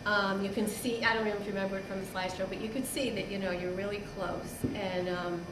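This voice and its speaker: Halting, giggly middle-aged woman giving a toast. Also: medium pitch, level tone. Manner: halting, giggly, full of fillers. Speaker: speaker giving a birthday toast. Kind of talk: informal party speech. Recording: echoey hall, far mic, loud crowd noise.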